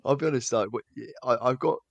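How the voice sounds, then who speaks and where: A man's voice: medium pitch, a little fast, gravelly, dry recording. A young man co-hosting a film podcast, chatting casually and joking, with many restarts. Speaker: podcast co-host. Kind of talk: casual chat.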